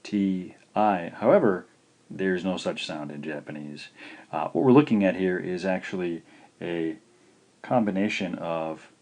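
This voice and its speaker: Low-voiced patient male language teacher. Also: a little mellow. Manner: patient, slow, spells out each syllable. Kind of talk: recorded video lesson.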